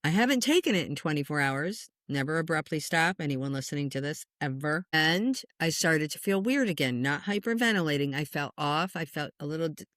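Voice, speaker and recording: A woman in her sixties, a spiritual medium, telling a personal story in a casual interview, chatty and lively, acting out the voices of the people in it. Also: deep voice, a little fast, few pauses, no echo, clean studio sound. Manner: animated storyteller who acts out quoted voices; chatty, with frequent "you know" and "like".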